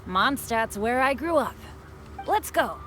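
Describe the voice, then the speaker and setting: A woman's voice: fairly high pitch, animated, slow. A woman voicing an upbeat unlucky teenage boy adventurer. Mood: cheerful. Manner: eager, self-deprecating, bouncy. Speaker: game character. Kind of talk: video game voice acting. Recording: game audio with loud background music.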